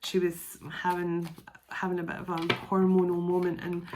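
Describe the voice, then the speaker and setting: A woman's voice: fairly low pitch, monotone, moderate pace, noisy background. A middle-aged woman giving a casual, rambling spoken tarot reading. She laughs often and restarts her phrases. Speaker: tarot reader.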